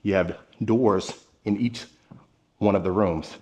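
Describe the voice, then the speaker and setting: A man's voice: on the low side, takes it slowly, dark tone. A man giving an enthusiastic walkthrough tour of a house, talking straight to his viewers while walking the rooms with a handheld camera. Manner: enthusiastic, addresses viewers directly. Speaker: home tour vlogger. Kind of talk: walkthrough home tour narration. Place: inside a large furnished house.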